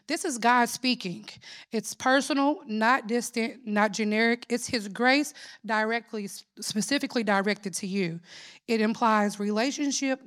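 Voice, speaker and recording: A woman's voice: mid-range voice, fairly bright tone. A woman preaching a sermon in an earnest, prayerful way, mixing scripture with personal testimony. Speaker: lay preacher.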